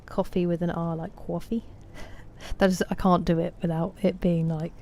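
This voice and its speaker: A woman's voice: on the low side, flat delivery, moderate pace, warm tone, a little hiss or hum. A woman with an English Estuary accent, chatting casually with viewers while she streams a game. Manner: chatty, answers chat messages by name.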